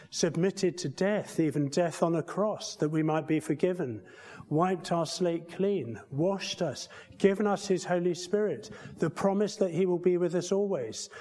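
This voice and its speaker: A man with a somewhat high voice preaches in an easy, conversational way, often repeating himself and posing rhetorical questions. He speaks in a church, and his voice trails off in a long reverb. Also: a little mellow. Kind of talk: sermon.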